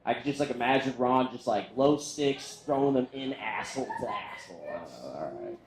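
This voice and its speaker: An expressive roast comedian with a mid-range voice works through a crude, rambling, self-mocking set fairly quickly in front of a crowd at a comedy venue. The room echoes, and the background is noisy.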